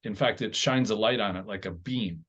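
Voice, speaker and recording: A man hosting a conversational podcast, explaining his views in a measured, step-by-step way. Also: fairly low pitch, a bit bright. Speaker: podcast host. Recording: dull lo-fi sound.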